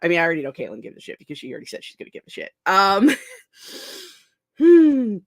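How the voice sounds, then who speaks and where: A woman's voice: fairly low pitch, expressive, rapid-fire, vocal fry, sharp tone, no echo, studio quality. A sleep-deprived young woman rambling and laughing as she chats with viewers on a live stream. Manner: rambling, scattered, self-deprecating, laughs often. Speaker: streamer hosting a productivity stream. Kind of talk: casual live-stream chat.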